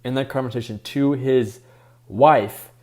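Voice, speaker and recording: A man's voice: mid-range voice, steady tone, measured pace, mellow. A young man co-hosting a podcast, chatting enthusiastically about a movie with hesitant restarts. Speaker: podcast co-host. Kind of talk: casual chat about a movie.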